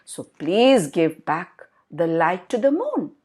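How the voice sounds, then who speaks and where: A woman voicing a group of worried gods in a children's story, pleading softly. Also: lowish voice, sing-song, takes it slowly, slightly rough, heavily acted.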